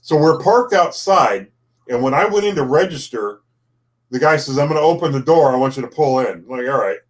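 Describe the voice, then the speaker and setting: A man's voice: mid-range voice, animated, fairly quick. A man chatting casually on a live stream, telling a story in a plain matter-of-fact way.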